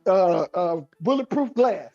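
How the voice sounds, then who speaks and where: A man telling a story in casual chat, animated and acting out the people in it. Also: high-pitched, measured pace, muffled recording, soft background music. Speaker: show co-host.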